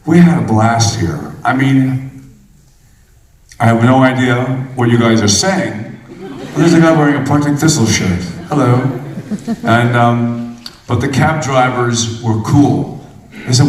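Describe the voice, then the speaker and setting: A man's voice: mid-range voice, a little slow, long pauses, a crowd in the background. Chatty man telling jokey stories in an echoey hall. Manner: rambling, chatty, jokey anecdotes. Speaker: celebrity guest speaking at a fan convention. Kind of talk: casual on-stage storytelling. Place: convention hall stage. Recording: echoey hall recorded from far off.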